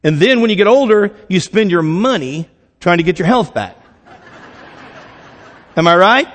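High-voiced man preaching in an echoey hall. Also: animated, moderate pace, a bit bright. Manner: conversational, asks the congregation questions; playful, acts out little quoted voices. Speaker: pastor. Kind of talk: sermon.

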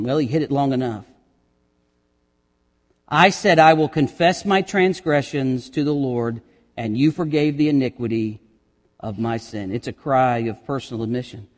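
A male pastor preaching a sermon, reading scripture slowly and building to loud, impassioned climaxes. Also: on the high side. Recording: long reverb of a sanctuary.

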